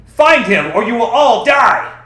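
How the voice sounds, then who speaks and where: A man voicing a commanding male warrior legion commander who shouts his orders loudly in a storybook reading, in an echoey room. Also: very high-pitched, very animated, measured pace, pitched above the performer's own voice, full character voice.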